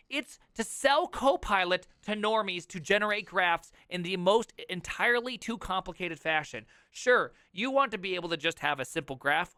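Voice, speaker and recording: A man streaming live, reacting to a video with sarcastic rants and mock sales pitches. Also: lively intonation, moderate pace, few pauses, pushed and bright, clean tone, no room sound, studio quality.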